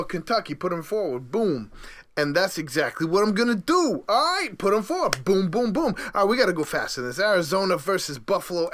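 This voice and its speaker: A man with a slightly high voice hosts his own sports show, running through a casual monologue of bracket picks. He is hyped, playful and boastful, stumbling into self-corrections and erupting in sudden loud bursts.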